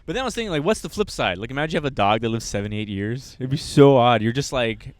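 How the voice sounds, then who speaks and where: A man's voice: medium pitch, fast, no room sound. A man co-hosting a podcast in casual chat, telling stories with frequent laughter. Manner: laughs often, animated storytelling. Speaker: podcast co-host.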